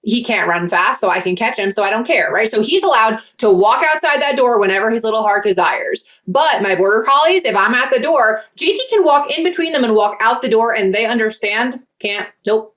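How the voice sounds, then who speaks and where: A woman's voice: a little high, animated, brisk, hardly any pauses, a bit bright. A woman who is a dog trainer and co-host, adding practical tips in a casual chat and often affirming her partner.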